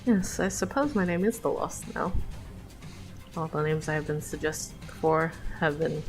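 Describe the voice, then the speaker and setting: Woman doing a calm ghost healer: low, soft, formal and soothing. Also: normal speed, low-quality recording. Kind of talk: comic read-along voice acting. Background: faint background music.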